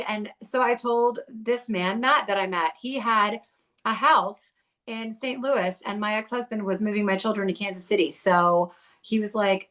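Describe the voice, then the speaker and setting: A woman's voice: mid-range voice, fairly even intonation, unhurried, fairly bright tone. Fiery, blunt woman telling her story. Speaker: podcast guest. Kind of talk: candid recovery storytelling.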